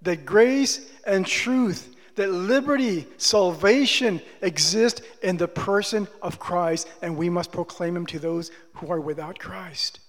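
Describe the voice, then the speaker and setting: High-voiced preacher in a reverberant hall. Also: male voice, slow pace, few pauses. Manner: emphatic, repeats rhetorical questions. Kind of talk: sermon.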